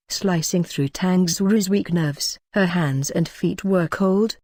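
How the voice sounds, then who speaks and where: A woman narrating a web novel in an even, steady reading style, reading chapter headers word for word. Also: lowish voice, unhurried, few pauses, dry recording, clean studio sound. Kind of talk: scripted audio novel narration.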